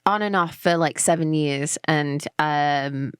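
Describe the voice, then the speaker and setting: A young woman with an English accent, chatting as a guest on a podcast interview in a bubbly, quick way. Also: sits low, clear, resonant tone, no echo, studio quality. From England. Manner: bubbly, quick, laughs often. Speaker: guest musician. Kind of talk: casual interview chat.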